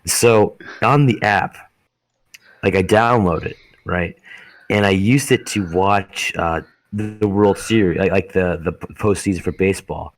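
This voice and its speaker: A man's voice: low voice, measured pace. A young man co-hosting a podcast, telling a long story in a casual, rambling way, swearing and restarting often. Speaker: podcast co-host. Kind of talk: casual chat.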